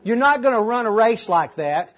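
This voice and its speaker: A man's voice: sits high, animated, moderate pace, some chatter behind. A man preaching a sermon to his congregation, telling folksy stories with laughter and repetition. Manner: folksy storytelling with laughs and repeated phrases. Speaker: pastor.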